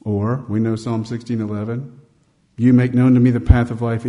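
A man's voice: mid-range voice, level tone, moderate pace, warm tone. A man preaching a sermon in a conversational storytelling manner, acting out bits of dialogue and growing emphatic on key points.

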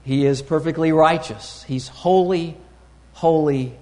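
Measured preacher in a reverberant hall. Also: male voice, on the high side, mellow. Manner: deliberate, teaching tone with pauses and fillers. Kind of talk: sermon.

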